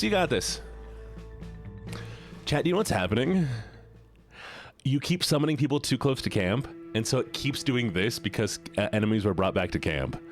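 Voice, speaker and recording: Guy streaming a game, talks to chat nonstop, voice jumps all over, gets excited and swears. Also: lowish voice, creaky. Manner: excitable, greets viewers warmly, swears when startled. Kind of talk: casual live-stream chat while gaming.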